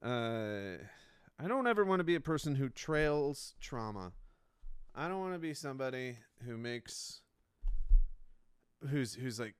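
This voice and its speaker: Comedian guy rambling solo into the mic, self-mocking, lots of false starts, smooth clear voice, super dry room. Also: medium pitch, very animated, a little slow, pauses often, dry recording. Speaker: comedian, podcast host. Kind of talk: solo rambling podcast monologue.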